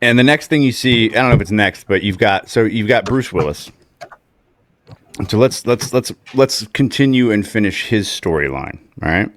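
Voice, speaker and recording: A man's voice: lowish voice, animated, normal speed, fairly bright tone, no echo. A young adult man co-hosting a casual film chat, animatedly retelling scenes and laughing as he goes. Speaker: podcast co-host.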